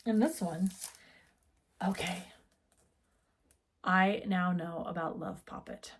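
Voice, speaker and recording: Taking her time, a middle-aged American woman speaks in a low, steady voice over slight background noise. She owns a needlework shop and chats casually, rambling and interrupting herself.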